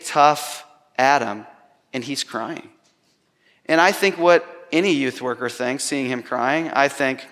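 Male preacher, fairly high voice, wry self-mocking storyteller, long hall echo. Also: a bit bright. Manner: self-deprecating, humorous storytelling. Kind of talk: storytelling sermon.

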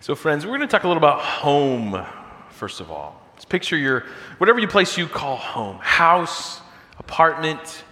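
A man with a bright, sharp tone and a lively rise and fall preaches in a relaxed, inviting way, pausing to search for words. The sound carries a long church reverb. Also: on the high side. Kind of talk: sermon. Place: church sanctuary. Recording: long reverb of a large hall.

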